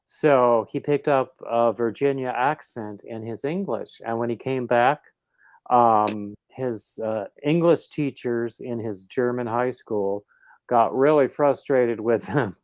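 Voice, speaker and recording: A man's voice: mid-range voice, takes it slowly, dry recording, rough recording. Chatty middle-aged man host, dry sound. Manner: chatty storyteller. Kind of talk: casual livestream chat.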